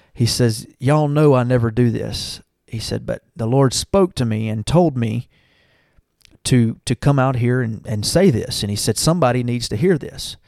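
A man's voice: medium pitch, creaky, darkish tone, no room sound, clean studio sound. A young man, earnestly telling his church testimony and talking to listeners as y'all. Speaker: church member giving testimony. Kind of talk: personal testimony.

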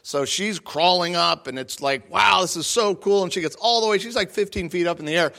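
Middle-aged man, guest speaker, bright voice, fairly high, comic self-mocking story, live audience. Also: fairly quick. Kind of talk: comedic storytelling talk to an audience. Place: large room before a live audience.

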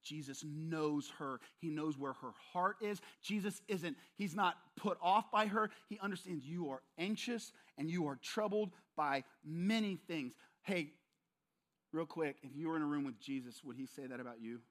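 A man's voice: fairly high pitch, moderate pace, a bit bright. A male pastor preaching a sermon, emphatic and repetitive, often speaking straight to his listeners.

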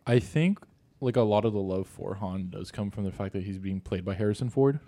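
A young adult man co-hosting a podcast in relaxed casual chat, full of "like" fillers. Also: on the low side, a little fast. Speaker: podcast co-host.

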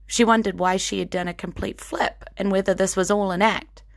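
A woman's voice: medium pitch, fairly even intonation, brisk, vocal fry. A woman narrating a fantasy story as game master in a tabletop game.

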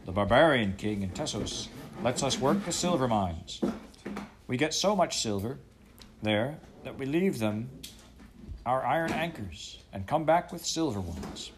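A man's voice: mid-range voice, animated, measured pace, background noise, pitched above the performer's own voice, natural voice. A man voicing a proud, scornful ship captain with a growling, blustering manner. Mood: boastful.

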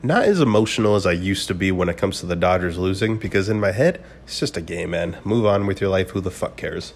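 Man in his twenties, lowish voice, swearing, rambling casual monologue. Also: a little fast, a little hiss or hum. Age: 20s. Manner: profane, rambling, bro-ish storytelling. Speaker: podcast host.

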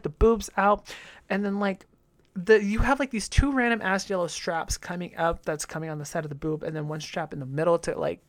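A woman hosting a casual recap of a TV episode, talking bluntly and campily, swearing often and getting loud when excited. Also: mid-range voice, no room sound. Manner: blunt, campy, swears a lot. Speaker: show recap host. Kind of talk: casual profane TV recap commentary.

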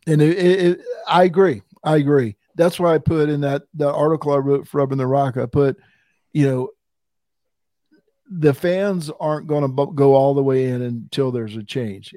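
A man hosting a casual sports talk podcast, chatty and quick to laugh. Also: fairly high pitch, warm tone, no echo, clean studio sound. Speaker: podcast host.

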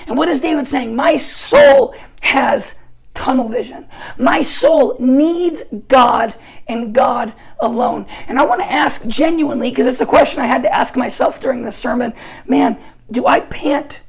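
A young woman preaches a sermon in a high, gravelly voice. Her tone is a little husky, and she moves between quiet asides and loud, emphatic lines as she tells her stories. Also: poor audio. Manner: animated storytelling, shifts between soft asides and shouted emphasis.

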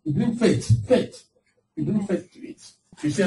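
A man preaching a lively sermon, laughing and slipping into the voices of the people in his stories. His voice sits a little high. The mic is some way off, with a faint hiss behind him. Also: measured pace. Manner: animated, laughing, acting out quoted voices. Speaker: pastor. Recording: distant mic with faint background noise.

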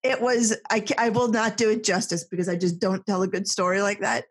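Husky-voiced woman telling a story. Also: mid-range voice, fairly quick, no room sound. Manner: chatty, animated storytelling. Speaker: podcast co-host. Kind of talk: casual chat.

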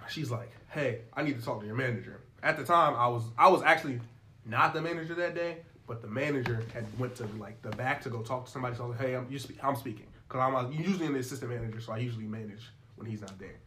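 A man's voice: medium pitch, fast talker, bright, forceful tone, slight background noise. A young man in casual chat, animatedly telling a profane work story and acting out both sides of the dialogue.

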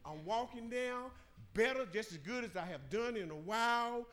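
A man standing up in a church service to give his testimony, speaking emphatically and building toward shouting. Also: very high voice, lively intonation, normal speed. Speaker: church member giving testimony.

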